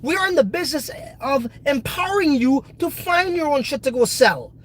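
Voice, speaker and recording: A man's voice: very high-pitched, lively intonation, moderate pace, poor audio. Brash, congested man hyping crypto. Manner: brash, profane, hyped. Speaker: crypto project host. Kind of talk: casual video talk.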